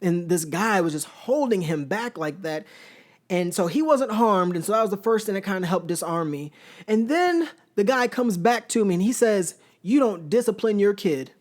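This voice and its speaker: A man in his thirties hosting a podcast, telling a personal story in an animated, conversational way and often checking in with listeners. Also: high voice, normal speed. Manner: animated, conversational, addresses listeners directly with "right?". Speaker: podcast host. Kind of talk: storytelling monologue.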